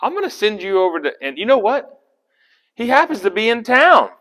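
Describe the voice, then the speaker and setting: A man's voice: sits high, sing-song, a little fast, fairly bright tone, pitched above the performer's own voice. A man voicing a puzzled, weary male governor who asks questions in disbelief. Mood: musing.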